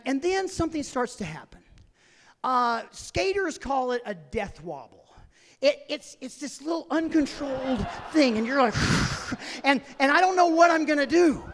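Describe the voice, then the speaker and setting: A male comedian performs a story on stage. His voice sits very high for a man. He tells it in an excitable, animated way. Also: big-room sound. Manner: excitable, animated, with bursts of laughter. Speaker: stand-up comedian. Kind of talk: stand-up storytelling.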